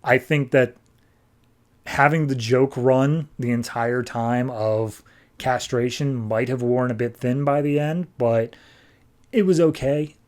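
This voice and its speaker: A man's voice: medium pitch, fairly even intonation, takes it slowly. Rambling man reviewing comics casually. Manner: rambling, conversational. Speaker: podcast host.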